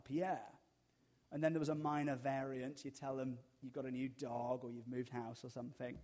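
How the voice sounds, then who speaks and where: A middle-aged man delivers a sermon in a voice pitched a little above most men's. He tells his stories with dry, self-mocking humor. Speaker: pastor.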